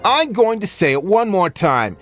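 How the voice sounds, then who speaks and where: A man's voice: sits high, big pitch swings, moderate pace, fairly bright tone, faint music behind, voice pushed up. A man voicing a greedy, bullying merchant who barks threats. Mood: furious.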